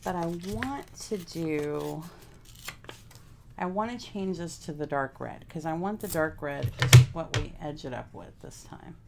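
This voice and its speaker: Low raspy woman, crafting vlogger, chatty, thinks out loud. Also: a little slow, very noisy. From Houston, Texas. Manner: chatty, thinks aloud while working, answers chat. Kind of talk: casual crafting chat to live viewers.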